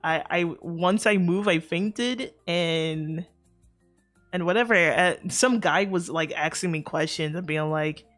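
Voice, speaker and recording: A woman's voice: on the low side, slow pace, fairly bright tone. A woman streamer telling a casual, rambling story to her chat, full of fillers, restarts and the odd swear word. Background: faint background music.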